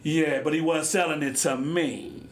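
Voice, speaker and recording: A man hosting a solo podcast, joking and hopping between topics and sidebars in a loose, animated way. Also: fairly high pitch, measured pace. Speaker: podcast host. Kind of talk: casual solo podcast monologue.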